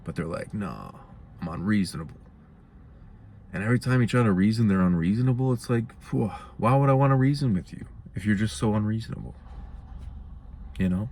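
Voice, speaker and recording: A man's voice: on the low side, quick pace, darkish tone, slight background noise. A young man hosting his own show, musing in a laid-back, rambling way. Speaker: host. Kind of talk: casual monologue.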